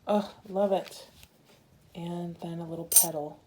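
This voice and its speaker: A woman's voice: lowish voice, steady tone, measured pace, mellow, slight background noise. Giggly woman gushing over an unboxing. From Arizona. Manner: gushing, giggly, talks to viewers. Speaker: bead crafting vlogger. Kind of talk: casual unboxing chat.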